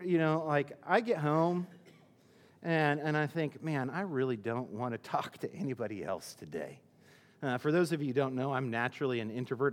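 A man's voice: a little high, big-room sound. A male pastor preaching a sermon in a conversational way, often restarting his sentences and using fillers.

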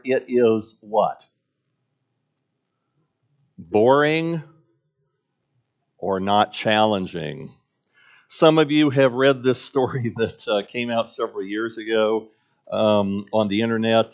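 A middle-aged male pastor giving an earnest sermon, using rhetorical questions and measured pauses. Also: lowish voice, dull audio.

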